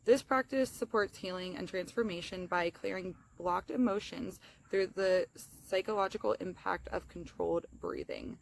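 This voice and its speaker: A woman's voice: fairly low pitch, normal speed, vocal fry, a little hiss or hum. A young woman with a lisp, chatting casually and apologetically outdoors in a self-help vlog, with lots of fillers. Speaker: vlogger.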